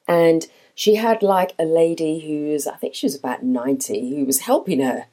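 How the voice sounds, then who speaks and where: A woman in her fifties speaks as a fitness instructor giving a motivational talk. Her voice sits fairly low and sounds mellow and warm. She delivers it earnestly and leans on rhetorical questions. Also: expressive, moderate pace.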